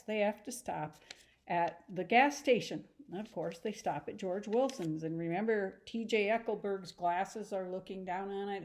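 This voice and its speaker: Chatty woman teacher, animated retelling. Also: mid-range voice. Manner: chatty and animated, acts out scenes. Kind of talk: casual lesson retelling a novel.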